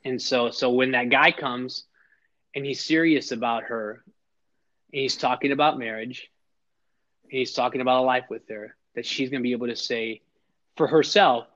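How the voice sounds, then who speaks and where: A middle-aged man speaks earnestly as a podcast guest, his voice neither high nor low. He often repeats a word before his thought settles. The recording is slightly muffled and lo-fi. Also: steady tone, moderate pace, long pauses, a bit bright. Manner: earnest, emphatic, repeats words when starting sentences. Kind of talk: heartfelt conversational storytelling. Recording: slightly dull lo-fi sound.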